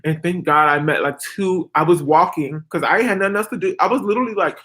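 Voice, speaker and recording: Speaking quickly in a lowish register, this vlogger in her twenties chats animatedly with her audience. She's casually recounting a story, her talk packed with "like" and "girl."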